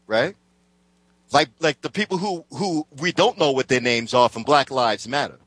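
Fired-up, foul-mouthed male co-host, fairly high voice, heated political rant. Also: a bit bright, dry recording. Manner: profane, heated ranting. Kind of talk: casual political chat.

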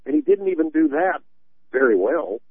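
A man's voice: fairly high pitch, very animated, moderate pace, breathy edge, no room sound. Sarcastic man on a tinny line. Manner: sarcastic, rambling storyteller. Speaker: radio talk show host. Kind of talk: political talk radio chat. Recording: tinny dry phone-line sound.

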